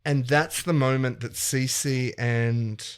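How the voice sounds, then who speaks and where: A man's voice: medium pitch, slow pace, clear, resonant tone. A man co-hosting a comedy podcast, improvising a story and acting out characters' lines with playful energy. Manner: animated, acts out characters' lines in quotes. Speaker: podcast co-host.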